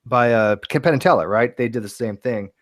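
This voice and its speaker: A fast-talking man from the United States jokes his way through a group chat. His voice is dry and close to the mic, at a middling pitch. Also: no echo. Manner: quick, jokey, swears.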